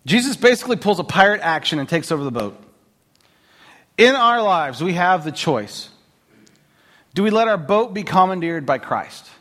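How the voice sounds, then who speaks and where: A man's voice: high-pitched, normal speed, long pauses. A man preaching a conversational sermon as a pastor, telling stories with jokes and laughs and a lot of filler words. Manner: animated, joking storyteller with laughs and filler words.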